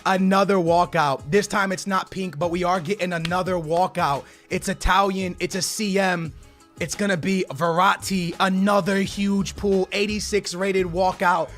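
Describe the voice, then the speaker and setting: A young man opening game card packs, excitable and stammering, his voice shaky with excitement as he keeps calling out to his viewers. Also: sits high, moderate pace, faint music behind. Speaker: gaming YouTuber. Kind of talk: excited pack-opening commentary.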